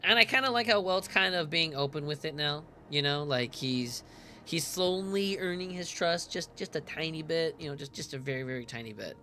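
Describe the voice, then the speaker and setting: A man giving casual, excitable game commentary, chatty and full of fillers, laughing often. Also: a little high, moderate pace, a little hiss or hum. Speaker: game streamer.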